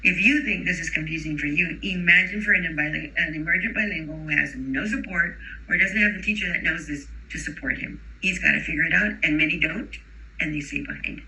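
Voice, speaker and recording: A woman giving a recorded lecture to teachers. She explains clearly, models sounds aloud, and checks in with rhetorical questions. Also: low voice, brisk, pushed and bright, low-quality recording. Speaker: instructor for teachers of bilingual children.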